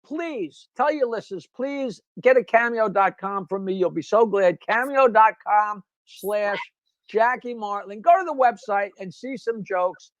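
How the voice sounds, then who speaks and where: High-voiced brash older Long Island man. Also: expressive, a little slow, no room sound, dull audio. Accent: Long Island New York. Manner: brash, rambling, laughs at his own jokes. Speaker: guest comedian. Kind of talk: casual chat and joke telling.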